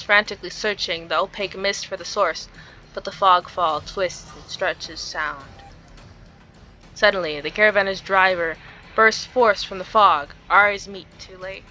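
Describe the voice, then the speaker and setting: Bright-voiced woman reading a game aloud. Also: mid-range voice, highs cut off. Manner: reads the story dramatically, breaks off into giggly asides. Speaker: game streamer. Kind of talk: reading a visual novel aloud with commentary.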